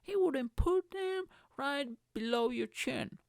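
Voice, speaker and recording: A man putting on the voice of a fired-up male street preacher, with a loud preaching cadence and drawn-out exclamations. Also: very high-pitched, animated, creaky, no room sound, studio quality, pitched above the performer's own voice, heavily acted. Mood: preachy. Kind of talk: comedic impression in a podcast rant.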